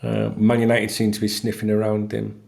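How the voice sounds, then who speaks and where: With a lowish, monotone, gravelly voice of darkish tone, this man speaks briskly. He's a football fan vlogger in a casual solo talk to camera, blunt, exasperated and cursing freely.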